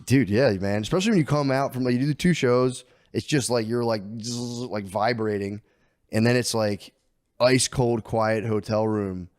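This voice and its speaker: A man in his thirties co-hosting a podcast, chatting casually and telling animated stories, acting out his kids in high squeals. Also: normal speed, dry recording, studio quality. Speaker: podcast co-host. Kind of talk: casual chat.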